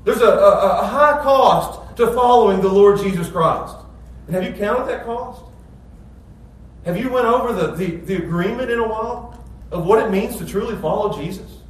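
A male pastor delivers an animated sermon, his voice sitting high and swinging between loud excitement and low calm. He is picked up from a distance, so the church's strong echo wraps every word. A faint room hum sits underneath. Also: moderate pace. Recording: echoey room from far off.

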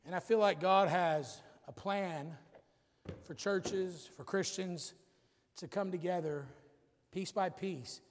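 In a church sanctuary with a reverberant hall sound, a man with a high-pitched voice speaks slowly. He delivers a casual, joking sermon and uses a puzzle as an object lesson. His manner is folksy and playful, and he says "y'all."

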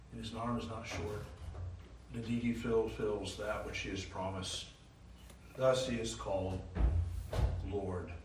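A man delivers an emphatic sermon, swinging between loud declarations and quiet, low passages. His voice sits at an ordinary middle pitch. It is picked up from a distance in a roomy church sanctuary, with a faint hiss underneath. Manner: emphatic preaching, rising to loud declarations then dropping low. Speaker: pastor.

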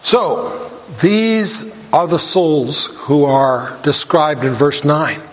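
A man preaching a sermon in a high, measured voice that takes its time over every phrase. He grows emphatic, and his voice lifts when he reads scripture aloud. The sound rings with a long hall reverb. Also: lively intonation, slight background noise. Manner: deliberate, emphatic with rising intensity on quoted scripture.

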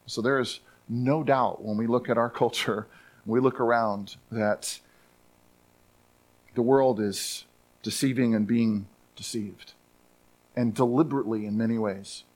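A man's voice: mid-range voice, fairly even intonation, unhurried, a little mellow. Earnest male pastor preaching. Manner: earnest, repeats words for emphasis. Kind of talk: sermon. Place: church sanctuary.

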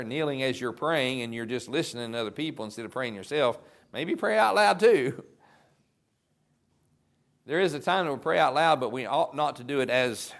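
A pastor with a mid-range, fairly bright voice preaches a conversational sermon. He stops and restarts as he goes and reads scripture aloud.

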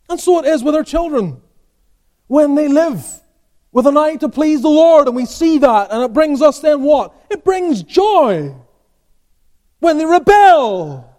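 A pastor preaching a sermon, asking rhetorical questions and answering them, swinging from emphatic peaks to quiet asides. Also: male voice, extremely high pitch.

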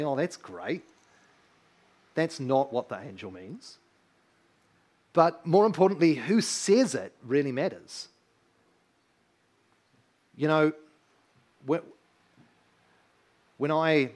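Earnest, emphatic man preaching a sermon. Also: medium pitch. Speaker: pastor.

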